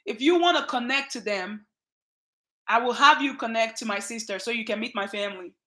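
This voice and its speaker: Bright-voiced Nigerian woman greeting viewers. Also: a little high, a little fast. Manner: warm greetings to viewers by name, lively and emphatic. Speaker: channel host. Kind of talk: casual livestream chat.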